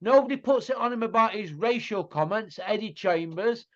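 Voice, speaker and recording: A man's voice: sits high, expressive, normal speed, fairly bright tone. Blunt ranting man. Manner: blunt, mocking, asks rhetorical tag questions. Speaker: boxing pundit host. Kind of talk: casual ranting chat. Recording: muffled lo-fi audio.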